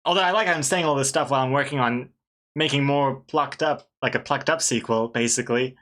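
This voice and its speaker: Bright-voiced man chatting while drawing. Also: mid-range voice, a little fast. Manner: chatty, laughs often, trails off mid-sentence. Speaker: artist streaming while drawing. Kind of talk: casual rambling chat while working.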